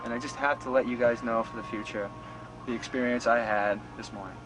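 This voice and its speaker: A man's voice: medium pitch, steady tone, brisk, music in the background, low-quality recording. A man from a band's road crew, sitting on a tour bus and telling a laughing, profane anecdote to the camera. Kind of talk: casual storytelling to camera.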